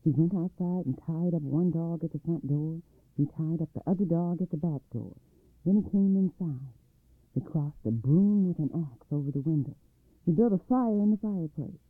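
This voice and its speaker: A man's voice: on the high side, moderate pace, breathy edge, dry recording. A man narrating a folk tale for a radio storytelling program, reading expressively and dramatically. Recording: dry, tinny phone-like sound.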